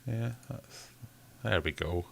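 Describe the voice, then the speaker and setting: Scottish male livestream host, low-pitched, easygoing, reads viewer chat aloud. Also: slow pace, gravelly, slight background noise. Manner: chatty, reads out viewer comments. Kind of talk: casual live Q&A chat.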